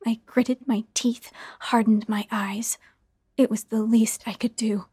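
A woman narrating a first-person horror story in a hushed, half-whispered delivery. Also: on the high side, fairly even intonation, a little slow, slightly rough, dry recording, clean studio sound.

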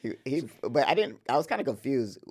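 A man's voice: mid-range voice, big pitch swings, fairly quick, a little mellow, breathy edge, no room sound, clean studio sound. A man co-hosting a casual TV recap podcast, laid-back and slangy, laughing often. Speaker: podcast co-host.

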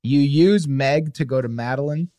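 A man co-hosting a casual comedy advice podcast, playful and animated. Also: a little high, moderate pace, dry recording. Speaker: podcast co-host.

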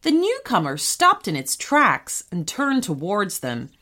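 A woman narrating a children's story in an animated storytelling manner. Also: mid-range voice, a little slow.

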